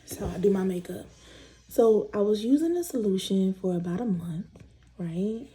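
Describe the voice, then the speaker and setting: A woman's voice: mid-range voice, animated, normal speed, mellow, rough recording. A woman vlogger chatting candidly with viewers while doing her makeup, repeating herself as she tells her story. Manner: candid, repetitive storytelling addressing viewers as y'all.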